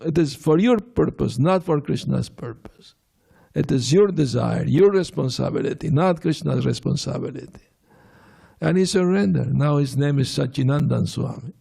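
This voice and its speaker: A man giving a devotional lecture, telling anecdotes with soft laughs and frequent fillers. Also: on the high side, expressive, normal speed, vocal fry, slightly rough. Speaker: swami giving a class.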